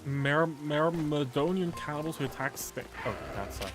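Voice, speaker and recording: A man's voice: a little high, normal speed. Rambling male game streamer over music. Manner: rambling, heavy on filler words, musing aloud. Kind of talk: casual rambling chat during a game stream.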